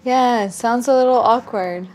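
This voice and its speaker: A woman talking casually and frankly as an interviewee, with expressive reactions. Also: on the high side, normal speed, a little hiss or hum. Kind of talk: casual talk.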